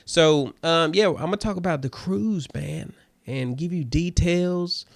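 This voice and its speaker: A man's voice: fairly high pitch, a little slow, creaky, dry recording, clean studio sound. A comedian hosting his own show, chatting casually and loosely to listeners with lots of fillers and calling them family. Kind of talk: casual solo chat to listeners.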